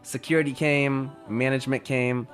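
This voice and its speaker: Man, casual storytelling, mid pitch, faint music underneath. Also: little pitch movement, moderate pace. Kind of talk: storytelling talk.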